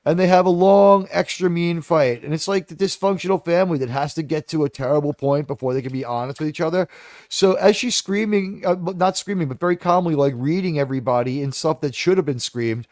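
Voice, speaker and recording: A man's voice: a little high, fairly quick, darkish tone, no echo, studio quality. A man giving a casual, rambling film review, profane and full of fillers. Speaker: movie reviewer.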